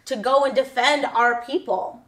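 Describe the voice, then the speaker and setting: A woman's voice: high voice, measured pace, fairly bright tone, recorded from a distance. Gideon, a woman doing a nervous man. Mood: anxious. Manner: casual, pleading.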